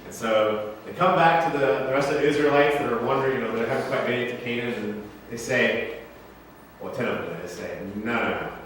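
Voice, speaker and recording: In a church sanctuary, a male pastor delivers a sermon in a casual, joking, conversational style, frequently posing questions to the congregation. His mid-range voice is brisk and a bit bright. The recording sounds far off in an echoey church hall, with a little hiss or hum.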